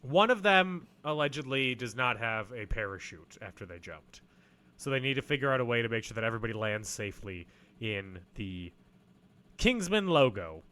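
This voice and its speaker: A man's voice: mid-range voice, big pitch swings, normal speed, sharp tone. A young man co-hosting a podcast, casually recapping a film with playful jokes. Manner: playful, jokey, breaks into silly voices. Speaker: podcast co-host.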